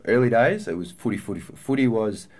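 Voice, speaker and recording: A man's voice: lowish voice, animated, quick pace, darkish tone. A man in his thirties, a professional footballer, talking candidly and reflectively in a podcast interview. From Australia. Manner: earnest, reflective, with frequent fillers and restarts.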